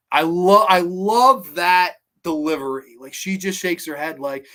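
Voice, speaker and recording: A man's voice: on the high side, a little slow, few pauses, sharp tone. A man hosting a show, giving a casual, enthusiastic, rambling film review. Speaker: podcast host.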